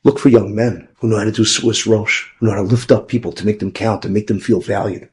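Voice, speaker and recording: A man's voice: lowish voice, fairly even intonation, fast, a little mellow. A man, a rabbi, telling an inspirational story in a lecture, acting out the people he quotes with big jumps in his voice.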